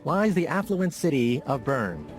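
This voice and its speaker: A man's voice: fairly high pitch, very animated, a little slow. An older man presenting a science documentary in a dramatic, emphatic scripted narration. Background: background music.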